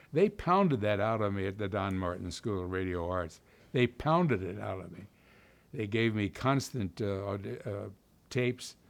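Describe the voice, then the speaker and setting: An older man from Kentucky, giving an oral history interview, telling stories in a relaxed way with many fillers and restarts. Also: medium pitch.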